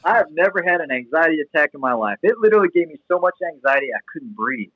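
A young man telling a personal story in a casual, rambling way, full of restarts and fillers, then getting animated as it builds. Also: on the high side, fast talker, no echo, highs cut off. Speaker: guest sharing testimony.

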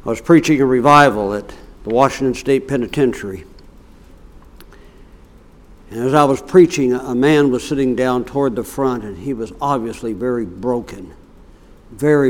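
A middle-aged man with a medium-pitched voice preaches a sermon at a moderate pace. He tells stories, swinging between quiet asides and loud, raised passages.

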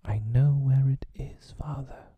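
A man's voice: medium pitch, steady tone, a little slow, narrow, tinny audio, pitched above the performer's own voice. An eager young girl, whispered by a man. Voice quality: whispered, gravelly. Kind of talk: whispered role-play.

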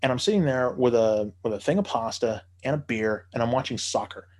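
A man's voice: mid-range voice, brisk, a little mellow. A man telling a long story in casual podcast chat, profane and rambling with many fillers.

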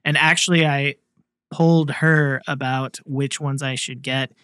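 A man's voice: medium pitch, fairly even intonation, unhurried, a bit bright, smooth, no echo, studio quality. A man talking as a podcast guest in casual chat, rambling and joking with lots of "like"s. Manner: rambling, heavy "like" fillers, jokey.

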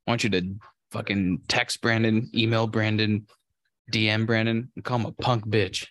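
A man's voice: fairly low pitch, flat delivery, moderate pace, a bit bright, no room sound. A young man co-hosting a podcast, joking and teasing his friend with casual, profane banter. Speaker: podcast co-host.

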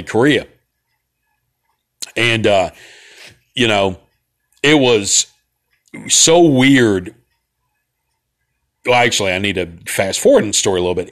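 A man's voice: fairly low pitch, a bit bright. A man in his forties with a central Alabama Southern accent, talking in a casual, rambling monologue as host of his own broadcast, folksy and digressive. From Southern United States. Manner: laid-back, folksy, digressive with many fillers.

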